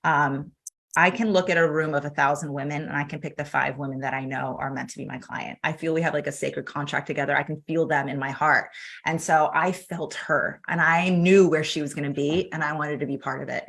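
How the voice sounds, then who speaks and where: A woman in her thirties talking through her story for an interview. She acts out every back-and-forth as she goes and laughs along the way. Her voice is fairly low but bright and forward. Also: brisk, vocal fry. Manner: animated, acts out quoted dialogue, laughs often. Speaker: podcast guest.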